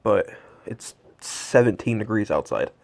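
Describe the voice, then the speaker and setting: A man in his twenties, cold and shivering, vlogs casually and excitedly while tracking Santa, rambling in awe with many fillers. His voice is on the low side and animated, with a measured pace and vocal fry.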